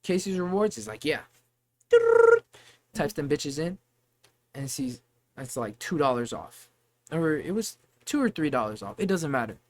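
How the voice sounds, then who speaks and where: A man's voice: fairly high pitch, expressive, a little slow, long pauses, slight background noise. A young man casually ranting to the camera about his retail job, rambling, swearing freely and working himself up. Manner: profane, rambling, gets heated. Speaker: vlogger venting about retail work.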